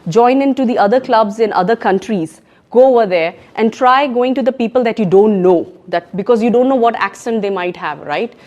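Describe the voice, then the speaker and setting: A woman with a Pakistani accent giving an emphatic, animated talk on public speaking at a club meeting. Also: on the high side, normal speed, dull audio. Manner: emphatic and animated, mixing in Urdu phrases. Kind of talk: education session talk. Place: meeting room in a co-working space.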